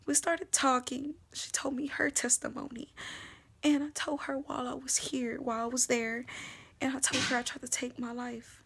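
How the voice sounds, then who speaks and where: Young woman telling her faith story, high voice with lots of vocal fry, whispers then gets loud. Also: level tone, moderate pace. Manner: swings between hushed whispering and loud emotional outbursts. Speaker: vlogger sharing her faith testimony. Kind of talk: emotional personal storytelling.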